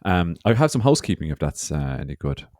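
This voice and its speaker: A man's voice: very deep voice, very animated, quick pace, darkish tone, no echo, studio quality. A man co-hosting a podcast in casual chat, loose and teasing, swearing freely. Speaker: podcast co-host.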